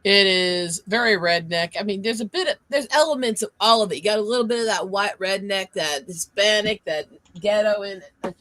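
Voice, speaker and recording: A man chatting on his stream in a bright, crisp voice. He talks loosely, swears and laughs easily. The sound is close and dry, with no room around it. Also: sits high, moderate pace, no echo. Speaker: streamer host. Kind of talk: casual chat.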